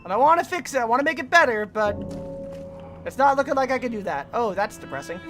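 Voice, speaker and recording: A woman's voice: on the high side, lively intonation, fast, fairly bright tone. A woman streaming a video game, chatting casually with her viewers and swearing freely as she plays. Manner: chatty, swears freely, talks to chat while playing. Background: game music.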